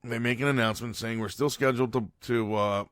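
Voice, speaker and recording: A man's voice: mid-range voice, steady tone, a little fast, a bit bright, no echo, studio quality. A man hosting his own podcast, telling a long story in a loose, rambling way and correcting himself as he goes. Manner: rambling, loose, lots of fillers and self-corrections. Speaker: podcast host. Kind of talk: casual storytelling monologue.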